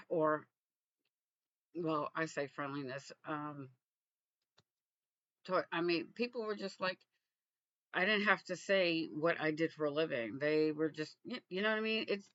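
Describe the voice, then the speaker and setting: A man from Texas, vlogging in a reflective, halting way with frequent restarts. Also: a little high, fairly bright tone, no room sound, lo-fi sound. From Texas, USA. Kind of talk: casual personal vlog.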